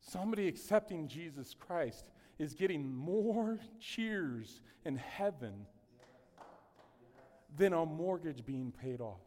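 A male pastor preaching a sermon in an animated, conversational way, with humorous asides. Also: on the high side, slow pace. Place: church sanctuary. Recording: long hall reverb.

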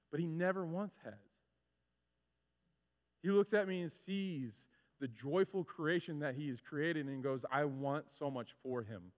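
A male pastor preaching a sermon, telling stories with lively, animated delivery and acting out his own frustrations. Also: a little high, measured pace. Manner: animated storytelling, acts out his own complaints. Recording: muffled sound with long hall reverb.

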